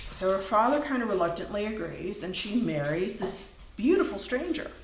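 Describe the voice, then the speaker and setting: A woman's voice: mid-range voice, big pitch swings, a little fast. A woman instructor giving a lecture in a chatty storytelling way, full of ums and uhs. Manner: chatty storytelling, frequent fillers. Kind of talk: recorded lecture. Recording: roomy room, faint background noise.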